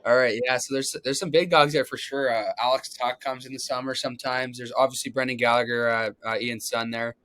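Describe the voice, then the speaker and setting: A man's voice: medium pitch, steady tone, fairly quick, few pauses, pushed and bright. A young man, a hockey player guest on a podcast, talking casually and hesitantly with many fillers. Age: young adult. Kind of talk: casual chat.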